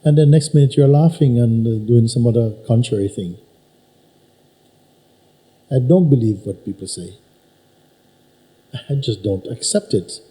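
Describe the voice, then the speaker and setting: A man teaching at a spiritual gathering, unhurried and emphatic, probing his listener with repeated questions. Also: medium pitch, dark tone, poor audio. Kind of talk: satsang teaching talk. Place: teaching hall with an audience.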